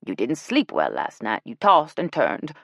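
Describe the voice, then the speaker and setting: A woman's voice: very deep voice, wildly swooping pitch, a little slow, gravelly, a bit bright, no echo, studio quality, heavily acted. A woman voicing a blunt, teasing older woman with a brash, bossy manner, in an audiobook.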